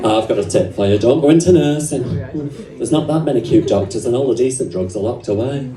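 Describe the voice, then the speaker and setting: A woman's voice: extremely low pitch, fairly quick, pitched below the performer's own voice. A woman with an English accent performing live stand-up as a brassy, cheeky female nurse character, teasing the audience with bawdy jokes. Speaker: stand-up comedian. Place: comedy club stage. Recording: roomy live venue from far off, crowd laughter.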